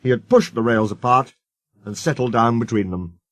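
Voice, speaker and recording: A man's voice: medium pitch, no echo. A man reading a children's storybook aloud as narrator, doing the characters' voices. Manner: slow, lively intonation.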